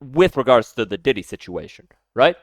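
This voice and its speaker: Male streamer, casual live reaction, hot-tempered, animated delivery, dry close sound. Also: medium pitch, moderate pace, dry recording, faint music behind. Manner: heated, swearing, loud sudden outbursts.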